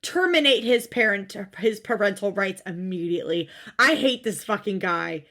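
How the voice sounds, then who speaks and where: A woman's voice: medium pitch, moderate pace. A woman co-hosting a podcast, recapping a show in casual chat with blunt opinions and free swearing. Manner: blunt, swears freely, animated storytelling. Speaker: podcast co-host.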